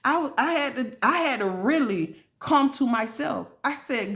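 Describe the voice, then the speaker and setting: A woman's voice: expressive, normal speed, few pauses, fairly bright tone. Passionate preaching woman podcast host. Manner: emphatic, passionate, with big rises in pitch; casual, informal speech. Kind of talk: preaching-style testimony.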